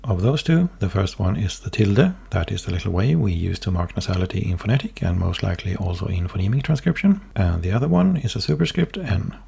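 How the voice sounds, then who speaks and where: Man w/ a gravelly husky voice, dark tone, calm lecture-style narration. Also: sits low. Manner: careful, measured, lecturing. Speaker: language hobbyist presenter. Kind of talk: scripted explanatory narration.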